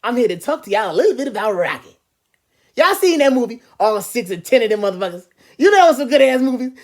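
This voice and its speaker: A woman comedian doing a loud, profane comedic rant, full of animated asides and quick impressions. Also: on the high side. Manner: animated, profane, jumps into mimicry. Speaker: comedian vlogger.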